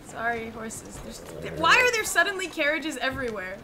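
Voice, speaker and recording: Young woman, streamer, high voice, excitable, shouts and squeals, loud game audio behind. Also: normal speed, very noisy. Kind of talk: live game-stream commentary.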